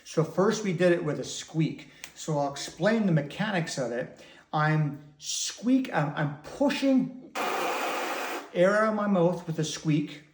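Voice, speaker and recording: A man's voice: on the high side, lively intonation, unhurried, noisy background. Man teaching didgeridoo breathing, echoey room. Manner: patient, step-by-step explaining. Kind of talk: instructional demonstration.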